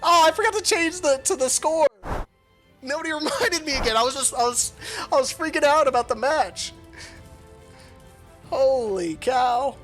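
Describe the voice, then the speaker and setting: A man casting a live esports match alone, excitable and laughing often, his voice worn hoarse from shouting. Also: extremely high pitch, moderate pace, pauses often, faint music behind. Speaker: solo esports caster. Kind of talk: live esports play-by-play commentary.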